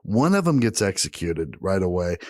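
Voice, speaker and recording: A man's voice: low voice, normal speed, no room sound, clean studio sound. A man co-hosting a podcast, telling a long story in a casual, profane way and acting out the voices of the people in it. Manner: animated storyteller, acts out quoted voices; profane, laid-back. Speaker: podcast co-host.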